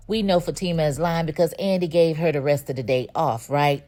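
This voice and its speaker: A woman's voice: low-pitched, brisk, warm tone. A woman hosting her own channel, giving a candid, opinionated recap of a TV episode in a chatty way. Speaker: host.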